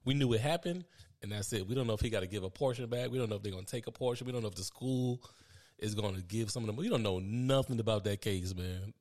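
A lower-pitched man chatting on a podcast. He tells stories in a loose, slangy, laid-back way. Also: fast talker, darkish tone. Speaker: podcast co-host. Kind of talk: casual chat.

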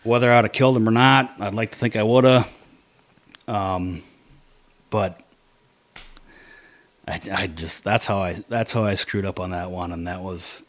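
Man, deep-ish voice, animated storytelling, casual chat. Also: a little slow, pauses often. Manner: animated storytelling, quoting his own thoughts in low mutters.

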